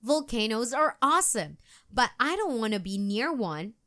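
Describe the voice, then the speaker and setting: A woman's voice: a little high, big pitch swings, moderate pace, pushed and bright. A woman reading aloud, voicing an easygoing little schoolboy who talks matter-of-factly.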